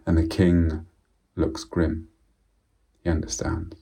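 A man telling a folk tale aloud in a measured, solemn way, often dropping to a quiet voice. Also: extremely low pitch, flat delivery. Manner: slow, measured and solemn with repetitions. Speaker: storyteller. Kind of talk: oral storytelling of a folk tale.

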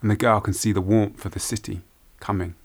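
A man telling a folk tale aloud in an unhurried, hushed way, with repeated phrases. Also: fairly low pitch, level tone, gravelly. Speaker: storyteller. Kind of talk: oral folk-tale storytelling.

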